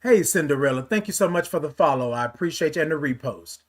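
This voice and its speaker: High-voiced man giving a motivational livestream. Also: lively intonation, brisk, few pauses. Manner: preachy, talks straight to viewers, greets commenters. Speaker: livestream host. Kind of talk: casual motivational livestream talk.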